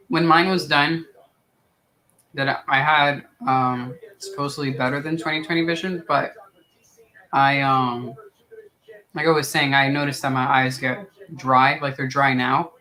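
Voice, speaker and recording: A man's voice: fairly high pitch, steady tone, unhurried, long pauses, pushed and bright, poor audio. A man in a casual chat at home, talking loosely with many fillers. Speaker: co-host.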